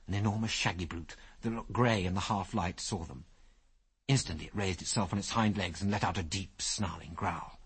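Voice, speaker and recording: A man narrating an adventure story as an audiobook, with lively, expressive storytelling. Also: deep voice, moderate pace, husky.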